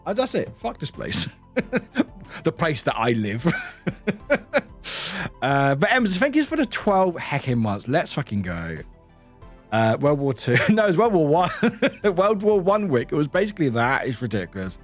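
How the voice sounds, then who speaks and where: A man's voice: on the high side, moderate pace, pauses often, soft background music. A man from the UK, a streamer chatting casually and animatedly with his live chat from home. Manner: animated, laughing, greeting chat by name. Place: home room.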